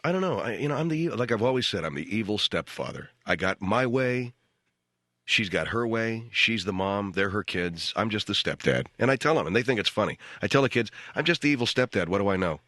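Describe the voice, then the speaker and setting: A middle-aged man hosting a radio comedy show, delivering a deadpan ranting monologue that jumps into shouted quoted voices. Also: on the low side, a little fast, no echo, clean studio sound. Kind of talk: comic monologue. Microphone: studio radio mic.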